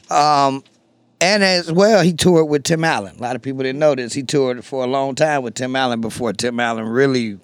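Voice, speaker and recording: A man's voice: mid-range voice, smooth, no room sound. A man hosting a show, talking in an earnest, easygoing way as he gives a casual tribute. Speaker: show host.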